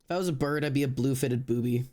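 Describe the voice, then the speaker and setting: A man's voice: medium pitch, fast, darkish tone. A young man streaming live, chatting casually and rambling with lots of fillers and restarts. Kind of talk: casual chat with stream viewers. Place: indoors at home.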